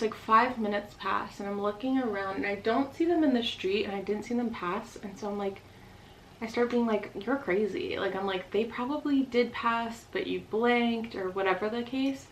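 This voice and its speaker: A woman vlogger recounting a personal story at a quick, chatty pace, peppering it with "like." Her voice sits at a mid pitch. A faint noise hums in the background. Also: fairly bright tone, low-quality recording. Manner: rapid, full of "like" fillers. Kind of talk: casual storytime chat.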